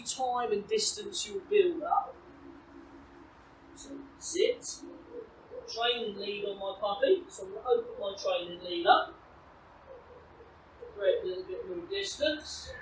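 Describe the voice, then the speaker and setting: A woman teaching puppy recall outdoors, explaining calmly and switching to high, bright praise when she calls the dog. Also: measured pace, long pauses. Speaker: dog trainer. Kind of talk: outdoor training demonstration. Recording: roomy, distant, faint ambient noise.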